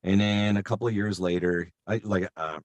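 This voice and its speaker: Brief: middle-aged man, voice actor, very low voice, dry close sound, rambling anecdotes full of fillers. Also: steady tone, moderate pace, dry recording. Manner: rambling, many fillers and restarts. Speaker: voice actor guest. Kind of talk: casual interview storytelling.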